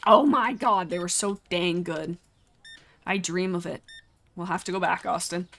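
A woman's voice: on the low side, flat delivery, normal speed, creaky. A young adult woman chatting casually through a live game stream, exclaiming often and talking straight to her viewers.

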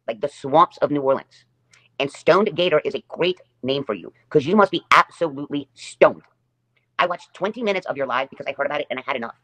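A woman's voice: sits low, fast, a bit bright. A woman hosting her own livestream, delivering a sarcastic, taunting rant and repeating her jabs over and over. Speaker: livestream host.

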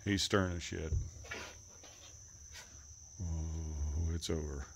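A man talking to his animals outdoors, coaxing and teasing them, sometimes cussing and calling out in a high voice. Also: steady tone, slow, slight background noise. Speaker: animal keeper filming his pets. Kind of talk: casual running commentary to animals. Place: outdoors, rural.

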